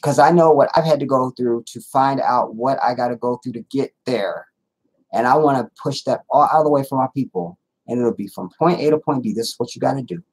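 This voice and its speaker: A man's voice: medium pitch, fairly quick, husky. A man hosting a casual livestream, reading chat comments aloud and talking back bluntly with plenty of profanity. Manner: blunt, profane, animated storytelling. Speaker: livestream host.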